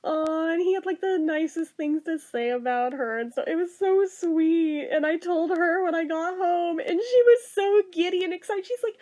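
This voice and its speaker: Chatty high-voiced woman vlogger. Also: normal speed, few pauses, darkish tone. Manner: chatty, self-deprecating, giggly. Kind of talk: casual chat.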